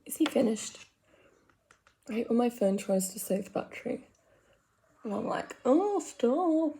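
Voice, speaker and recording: A woman's voice: medium pitch, steady tone, measured pace, vocal fry, mellow, slight background noise. Chatty young Australian woman rambling. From Australian countryside. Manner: rambling, frank, full of "like". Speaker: makeup vlogger. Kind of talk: casual chatty commentary. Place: home.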